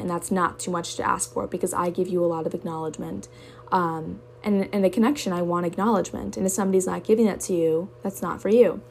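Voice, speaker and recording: A young woman speaks in a candid personal monologue for her podcast. She is emotional and open and curses freely as she works through her feelings. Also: mid-range voice. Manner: emotional, candid, swears often. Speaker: podcast host.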